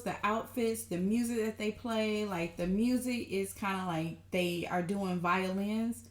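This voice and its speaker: A woman giving an excited, gushing TV recap to her viewers, calling them honey and y'all in an animated way. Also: medium pitch. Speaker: TV recap vlogger. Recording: roomy echo.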